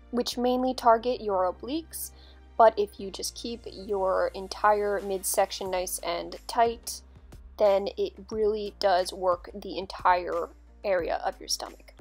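A young woman talking through a dumbbell workout in a chatty, upbeat, instructive way, like a fitness vlogger. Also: mid-range voice.

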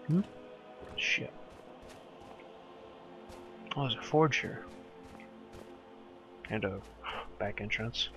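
A man casually commenting on his gameplay, swearing, muttering to himself and yelling at his companion. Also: fairly low pitch, expressive, extremely slow, pauses often, over music. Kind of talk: casual let's play commentary.

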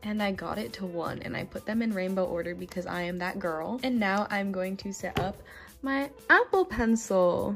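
A young woman with a fairly high voice talks her way through an unboxing at home. She is chatty and excitable and pokes fun at herself. Soft music plays faintly behind her. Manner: chatty, excitable, self-deprecating. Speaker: vlogger. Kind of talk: casual unboxing vlog. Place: home workspace.

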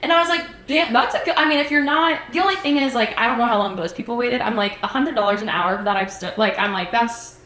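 A young woman co-hosting a podcast, telling a story in animated casual chat with lots of fillers, acting out what people said. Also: a little high, fast, few pauses, reverberant. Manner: animated storytelling, acts out quotes, many fillers. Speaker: podcast co-host.

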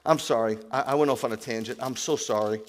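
A man preaching a sermon as rabbi, animated, swinging from loud exclamations to quiet asides. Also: medium pitch, fast, big-room sound.

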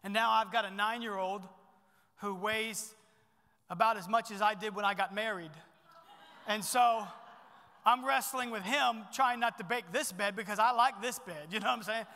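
A middle-aged pastor preaching a sermon in a church, animated and swinging between loud bursts and hushed asides. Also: male voice, sits high, moderate pace, big-room sound.

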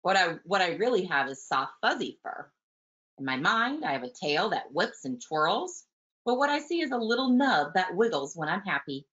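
A woman's voice: on the low side, very animated, moderate pace. A teacher reading a picture book aloud, voicing a small female bulldog who insists she is a rhinoceros. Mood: proud, dreamy. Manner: bright, proud storybook read-aloud voice. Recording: muffled webinar audio.

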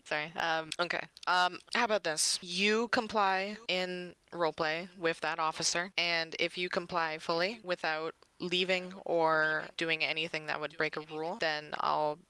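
Flat, calm game server admin. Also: medium pitch, unhurried, few pauses, smooth, no echo. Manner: calm, matter-of-fact explaining. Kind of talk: gaming voice chat.

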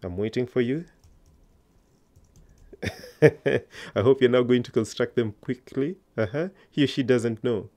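A man's voice: mid-range voice, unhurried, long pauses, a little mellow. A man teaching an online language lesson, patiently coaxing learners to answer aloud.

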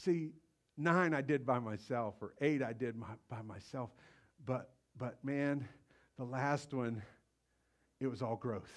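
A middle-aged man preaching a live sermon at a church service, energetic and exhorting, swinging between loud outbursts and low, quiet passages. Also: a little slow. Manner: energetic, exhorting, calls out "come on". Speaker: pastor.

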